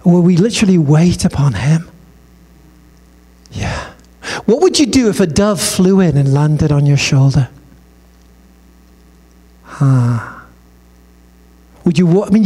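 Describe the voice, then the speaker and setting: Animated high-voiced male preacher. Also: moderate pace, slightly rough. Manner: animated and conversational, acts out dialogue. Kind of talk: sermon storytelling. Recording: long hall reverb.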